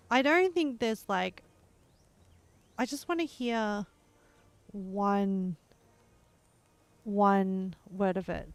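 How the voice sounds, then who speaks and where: A woman's voice: mid-range voice, no room sound. An Australian woman streaming a game, chatting casually and rambling as she searches for words. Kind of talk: casual chat while gaming.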